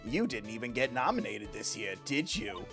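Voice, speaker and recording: A man's voice: medium pitch, big pitch swings, normal speed, creaky, a bit bright, faint music behind, voice pushed down. A man doing a cranky old woman scold. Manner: scolding, grumbling, calls people brats and youngins.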